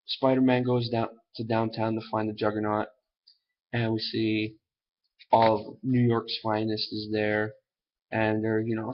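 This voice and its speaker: Rambling man recapping a comic, lo-fi. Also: lowish voice. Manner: loose and rambling, heavy on fillers and "and everything". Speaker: comic book reviewer. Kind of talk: casual rambling plot recap. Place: at home.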